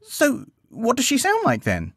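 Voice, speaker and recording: A man's voice: extremely high pitch, wildly swooping pitch, a little slow, a bit bright, dry recording, clean studio sound, pitched above the performer's own voice, full character voice. A man voicing an earnest, curious young boy of the forest in a bedtime storybook reading. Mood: puzzled. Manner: earnest, questioning.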